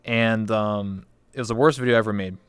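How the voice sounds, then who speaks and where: A man's voice: lowish voice, steady tone, brisk, clean tone, no echo. Man, young, Canadian, host, casual, rambling, swears, resonant voice. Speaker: interview show host. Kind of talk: casual chat.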